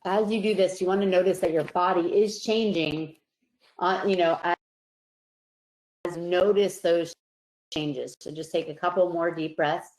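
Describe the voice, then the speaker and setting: A woman psychologist guiding listeners through a relaxation exercise, calm and slow, her voice softening on each release. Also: on the low side. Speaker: psychologist presenter. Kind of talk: guided relaxation instruction. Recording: roomy echo.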